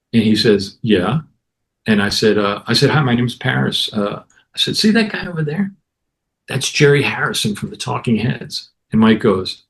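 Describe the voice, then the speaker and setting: A man, a guest musician, casually telling an animated anecdote and acting out other people's lines. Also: fairly low pitch, gravelly. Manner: animated anecdote with acted-out quotes. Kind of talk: casual storytelling.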